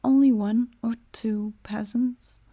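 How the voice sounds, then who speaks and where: Woman voicing a hushed, calm sister. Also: a little high, takes it slowly, breathy edge, exaggerated voice.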